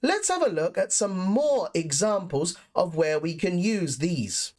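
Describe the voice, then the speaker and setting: Female English teacher, unhurried and deliberate, lively rising intonation, lowish voice. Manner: clear, deliberate explanations with example sentences. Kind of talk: scripted lesson narration.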